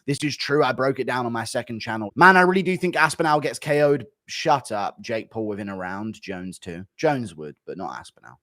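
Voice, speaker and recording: A man on a livestream, firing off blunt, dismissive verdicts to chat questions. His voice sits in a middling pitch and the sound is dry and close. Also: expressive, fairly quick, hardly any pauses, fairly bright tone, no echo. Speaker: streamer.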